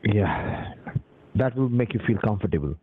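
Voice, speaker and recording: A man's voice: lowish voice, lively intonation, moderate pace, slight background noise. A man posing as a senior technician on a call, pushily giving instructions. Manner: pushy and instructive. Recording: tinny phone line.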